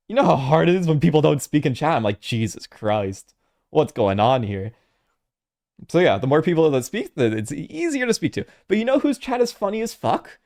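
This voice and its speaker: Young guy streaming from home, super lively voice that swings all over, swears a ton, laughs a lot. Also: on the high side. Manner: animated, swears freely, laughs often. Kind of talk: casual live-stream reaction chat.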